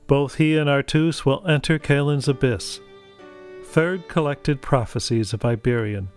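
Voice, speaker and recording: A man reading a chapter heading in a slow, deliberate, scripted way. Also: medium pitch. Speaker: chapter announcer. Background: soft guitar music.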